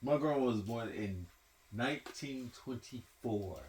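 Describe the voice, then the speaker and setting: A man, hosting a casual group chat. He tells stories animatedly, swings between loud and soft, and laughs often. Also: medium pitch, measured pace. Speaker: podcast host. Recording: echoey room, faint hiss.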